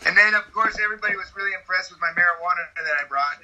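A man's voice: high voice, racing, muffled recording, over a noisy crowd. A man from California chatting casually, telling rambling stories full of swearing. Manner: profane, rambling storyteller. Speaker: podcast guest. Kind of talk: casual chat.

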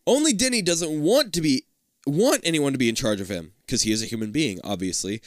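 Animated, cursing male comedy host. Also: medium pitch, quick pace, no room sound, studio quality. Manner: animated, swearing, laughing asides. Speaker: podcast host reading a children's book aloud. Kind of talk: casual comedic reading and chat.

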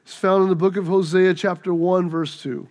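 A man preaching a sermon, telling a story with lively acted-out voices before he turns to his text. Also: high voice, moderate pace. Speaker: pastor.

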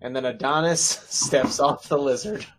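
Slow, playful game master man. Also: mid-range voice, husky. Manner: playful, laughs at his own twists. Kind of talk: narrating a tabletop game.

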